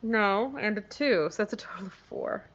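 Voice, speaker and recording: A woman's voice: mid-range voice, expressive, normal speed, fairly bright tone, highs cut off, a little hiss or hum. A woman playing a tabletop role-playing game, talking casually and a bit hesitantly. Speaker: player.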